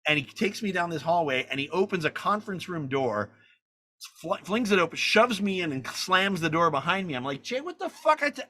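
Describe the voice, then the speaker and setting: Man, 60s, film director guest, animated storyteller, bright forceful voice, salty. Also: a little high, a little fast, slight background noise. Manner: lively, acts out quotes, swears casually.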